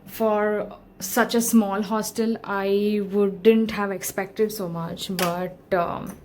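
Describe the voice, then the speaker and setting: Slow-talking woman travel vlogger. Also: medium pitch, a little hiss or hum, low-quality recording. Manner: relaxed, many fillers and pauses. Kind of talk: casual travel vlog narration. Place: hostel room and outdoors on an island.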